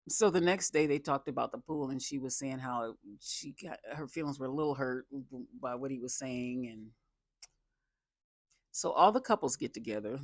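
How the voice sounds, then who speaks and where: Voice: mid-range voice, dry recording, studio quality. A speaker recapping a reality show episode in casual commentary, rambling, restarting sentences and laughing often. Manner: laughs a lot while recounting.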